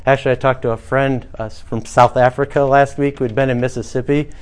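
A man's voice: mid-range voice, steady tone, brisk, clean tone. A man, the pastor, preaching a conversational sermon to his church congregation, building to emphatic passages. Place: small church, former bank building.

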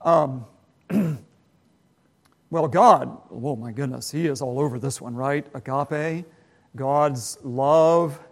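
A man's voice: medium pitch, slow, long pauses. A man teaching students in a sermon, folksy and self-deprecating, often restarting his phrases. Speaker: teacher giving a talk.

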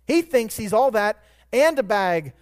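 A man with a high, light voice preaching a sermon. He moves from soft, measured reflection to sudden loud, ringing emphasis on key words. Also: very animated. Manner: dynamic preaching, swelling to loud emphatic peaks. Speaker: pastor.

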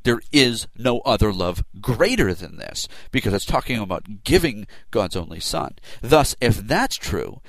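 A man giving expository Bible teaching, speaking deliberately and stressing single words for emphasis. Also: lowish voice, no echo.

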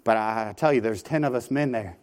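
A man preaching a sermon from a church pulpit. He tells a story with lively energy and often repeats words as he starts a phrase. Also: lowish voice, fairly quick. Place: church sanctuary.

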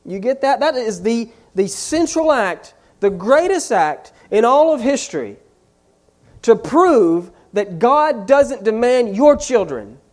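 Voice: mid-range voice, big pitch swings, takes it slowly, darkish tone. A pastor preaching a sermon in an emphatic style, hammering key phrases again and again and building force on each repeat.

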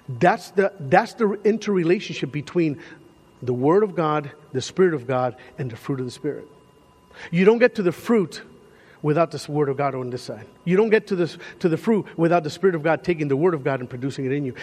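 Pastor guy preaching in a big echoey church, kinda high voice, lively and chatty. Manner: animated, conversational preaching with repeated restarts. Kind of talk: sermon. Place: church sanctuary.

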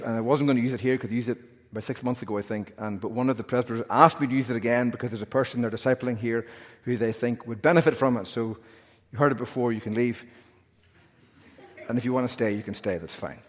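A male pastor preaching a sermon with emphatic, rhythmic repetition. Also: mid-range voice. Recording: long hall reverb.

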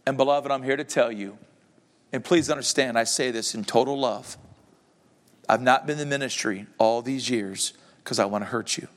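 A man's voice: mid-range voice, long reverb tail. A male pastor preaching a sermon in a church, emotive and joking with his congregation.

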